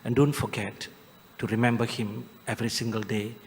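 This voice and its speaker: A man with a Malaysian English accent, a Catholic priest giving a homely, joking Christmas homily with drawn-out emphatic phrases. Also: mid-range voice, little pitch movement, slight background noise. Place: large church. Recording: long church reverb.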